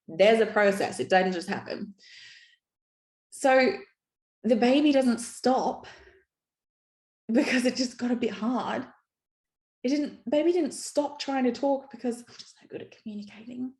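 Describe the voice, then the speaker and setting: Upbeat woman coaching in a roomy space. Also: mid-range voice. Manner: frank, upbeat, peppered with "right?". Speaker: money coach and author. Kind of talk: motivational talk. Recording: roomy echo.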